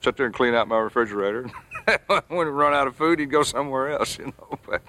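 A man's voice: mid-range voice, fast, sharp tone. A man in a casual interview, cheerfully recalling a fun-loving friend. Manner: cheerful, chuckling recollection.

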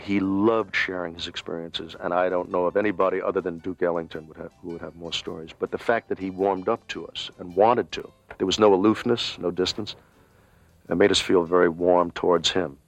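A man with a very deep voice and a gravelly edge looks back affectionately on an old friend in an interview. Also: steady tone, fairly quick. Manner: warm, affectionate reminiscing. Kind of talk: reflective interview.

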